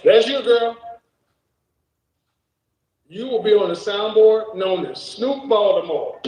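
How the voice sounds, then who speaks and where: A man's voice: sits high, animated, takes it slowly, long pauses, darkish tone, reverberant, dull audio. A man hosting a casual reaction stream, joking around, cursing and laughing often. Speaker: streamer host.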